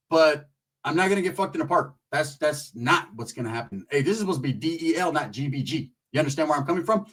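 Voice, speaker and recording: Man, husky voice, fairly high for a man, profane street slang, animated storytelling, a little off-mic. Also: quick pace, recorded from a distance, poor audio. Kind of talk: casual storytelling.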